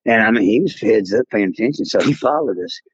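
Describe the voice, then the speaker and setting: A man's voice: lowish voice, expressive, fast talker, slightly rough, dry recording, dull audio. An older man with a Texan accent, telling a rambling story as an interview guest. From South Texas. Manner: drawling, rambling storyteller, acts out voices in quotes.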